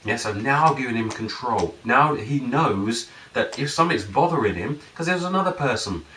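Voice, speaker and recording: A man's voice: mid-range voice, animated, normal speed, a bit bright. A man explaining his methods in a casual, rambling way, acting out the dialogue with his client in raised voices. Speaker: NLP and hypnosis practitioner. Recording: roomy echo, mic at a distance, faint noise.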